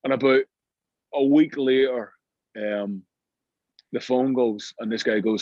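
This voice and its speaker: A middle-aged Scottish man telling anecdotes in an interview, lively and full of restarts. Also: medium pitch, slow pace, long pauses, no room sound, dull audio. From Scotland. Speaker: guest musician. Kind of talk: storytelling interview.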